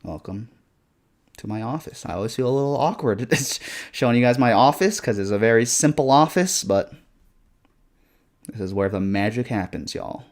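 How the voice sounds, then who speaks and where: A man's voice: medium pitch, expressive, normal speed, pauses often. A young man streaming a video game and chatting casually with viewers in a loose, slangy way, cursing often and calling people bro. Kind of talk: casual gaming stream chat.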